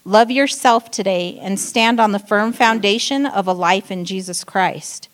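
A woman's voice: medium pitch, measured pace. A woman giving a short sermon in church, telling a story and acting out frustrated lines. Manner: storytelling, acting out quoted outbursts. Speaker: church speaker. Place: church stage.

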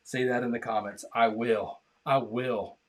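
A man preaching as a pastor, passionate, repeating phrases and swinging from loud declarations to hushed appeals. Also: medium pitch, steady tone, unhurried. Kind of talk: sermon. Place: church.

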